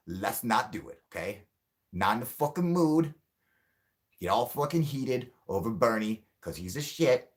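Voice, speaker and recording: A man hosting a UFO livestream in casual chat with viewers, rambling and swearing, joking and laughing often, and turning loud and mock-heated when riled. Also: mid-range voice, lively intonation, unhurried.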